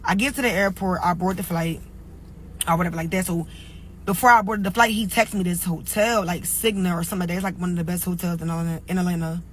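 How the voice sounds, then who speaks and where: A woman's voice: lowish voice, fairly even intonation, fast, slight background noise, low-quality recording. Chatty young woman telling a story. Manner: chatty, lots of "like" and "or whatever". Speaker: storyteller in a clip. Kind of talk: casual storytelling.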